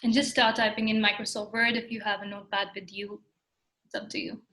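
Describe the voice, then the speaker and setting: A woman's voice: mid-range voice, flat delivery, fairly quick, bright, forceful tone, poor audio. Woman teaching an online workshop. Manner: explains step by step, with fillers. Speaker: workshop instructor. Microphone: video call.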